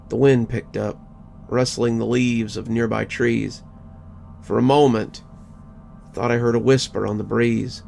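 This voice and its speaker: A man with a gravelly, creaky voice at a middle pitch reads a first-person horror tale in measured, scripted tones. Soft music runs faintly beneath him. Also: steady tone. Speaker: horror story narrator.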